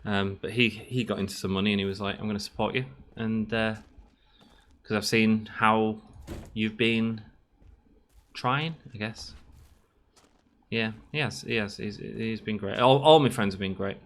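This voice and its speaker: Guy in his late 30s, bright voice, rambly storyteller gaming on stream. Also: fairly low pitch, fairly even intonation, unhurried, slight background noise. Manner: rambling, acts out both sides of quoted dialogue. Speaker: gaming channel host. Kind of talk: casual storytelling while playing a game.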